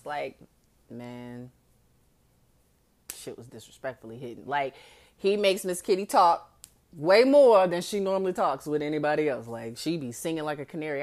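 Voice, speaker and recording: Brash, animated woman telling a story. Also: fairly low pitch. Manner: laughs often mid-sentence. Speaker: podcast host. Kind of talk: comedic storytelling.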